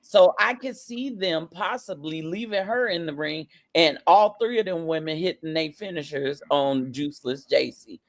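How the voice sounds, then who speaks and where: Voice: mid-range voice, moderate pace, hardly any pauses. A podcast co-host in casual wrestling chat, with a middle-range voice. Opinions come out blunt and playful, full of easy slang.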